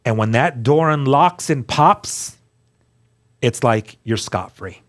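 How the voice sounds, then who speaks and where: A man's voice: medium pitch, animated, slow pace. A man recounting his personal testimony in an interview, telling the story earnestly and acting out the dialogue he quotes. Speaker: guest sharing testimony.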